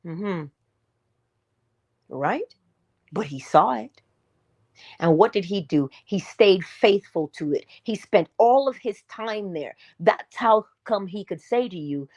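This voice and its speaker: Her voice on the low side and her pace a little slow, an inspirational speaker delivers a morning pep talk with animated emphasis. She addresses listeners directly in a preacherly way, posing rhetorical questions and alternating between loud outbursts and quiet asides.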